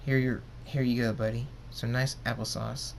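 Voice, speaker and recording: A calm, protective stallion uncle speaks in a low-key, quiet way, as a man reads him in his everyday voice. The tone is mid-pitched and steady. A faint hiss lingers in the background. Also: normal speed, gravelly, lightly acted.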